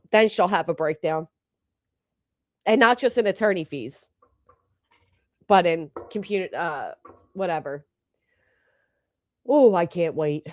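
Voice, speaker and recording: A woman's voice: on the low side, no echo, clean studio sound. A middle-aged woman hosting a livestream, blunt and profane, reading out viewer names between heated remarks. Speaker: livestream host.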